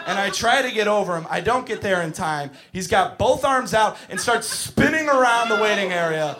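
A young man doing stand-up storytelling on a club stage, animated and bursting into shouts. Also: high voice, normal speed. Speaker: stand-up comedian. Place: comedy club stage before a live crowd. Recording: live crowd audible.

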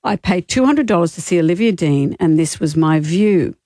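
A woman's voice: fairly low pitch, animated, normal speed, dark tone, no room sound, studio quality. A woman co-hosting a radio show, telling stories and teasing her co-host in casual banter. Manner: chatty, teasing storyteller.

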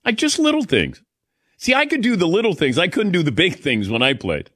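Animated male talk show host, dry studio sound. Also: sits high, fairly quick, slightly rough, dry recording. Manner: storytelling, animated, laughs often. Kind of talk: casual radio show chat.

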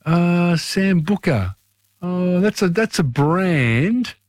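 Chatty radio quiz host. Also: male voice, high voice, animated, slow pace, a little mellow, no room sound, clean studio sound. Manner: chatty, takes callers one after another.

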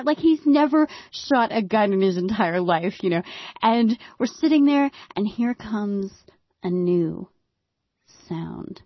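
A woman telling a personal story in a monologue, with wry, dry humor and dramatic hushed drops. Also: mid-range voice, animated, slow pace, no room sound, dull audio.

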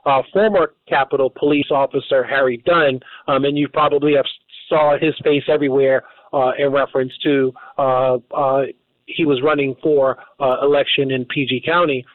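A man's voice: medium pitch, fairly even intonation, normal speed, no room sound. A man hosting a call-in radio show, taking calls and often stumbling and restarting over words. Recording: narrow phone-like radio audio.

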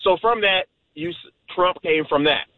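A man calling in to a talk show, chatting about politics in a folksy, emphatic way with quick asides. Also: high voice, no room sound. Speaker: caller. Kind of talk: political call-in chat. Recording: tinny phone line.

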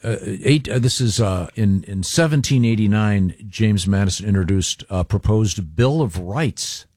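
Husky, lively male radio co-host. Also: fairly low pitch, dry recording, studio quality. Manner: wry, chuckling, halting with fillers. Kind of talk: morning radio banter. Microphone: studio microphone.

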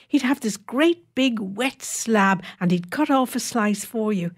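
Woman narrator as an older housewife, homely rambling chatter, lively ups and downs. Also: on the high side, measured pace. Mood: chatty.

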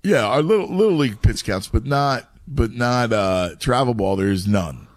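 A man's voice: medium pitch, animated, normal speed, dry recording. A middle-aged man in casual chat who talks animatedly, stumbles over his words, and says "dude" a lot.

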